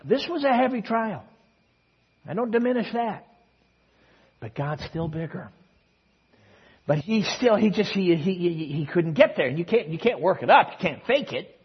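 A man preaching a sermon, telling a story with sudden swings between soft and loud passages, in front of a congregation. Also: high-pitched, slightly rough, lo-fi sound. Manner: storytelling with dramatic swings in loudness and pace. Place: church service.

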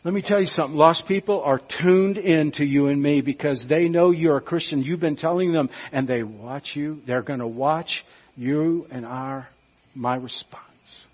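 A man preaching a sermon, emphatic, swinging between hushed and loud. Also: on the high side, normal speed, husky. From United States. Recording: dull lo-fi recording.

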